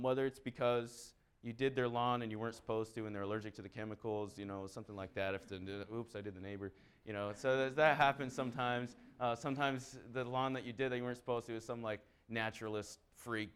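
A man giving a sermon, telling a humorous personal story in a chatty, animated way. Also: mid-range voice, clean tone. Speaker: preacher.

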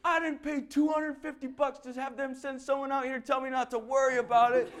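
A man doing a big angry homeowner yelling. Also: extremely high pitch, flat delivery, brisk, pitched above the performer's own voice. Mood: outraged yelling. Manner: shouting, indignant. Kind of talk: sermon anecdote.

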